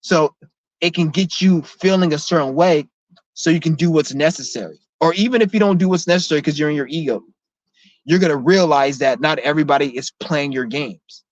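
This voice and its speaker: A man's voice: on the high side, brisk, no echo. Man ranting, blunt and profane. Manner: repeats himself with many restarts. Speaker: vlogger. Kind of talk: heated rant to camera. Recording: dull lo-fi, dry sound.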